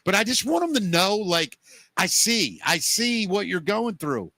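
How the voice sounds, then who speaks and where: Bright high-voiced podcast host man. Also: big pitch swings, measured pace. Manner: rambling, anecdotal, lots of "you know". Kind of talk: casual chat, storytelling.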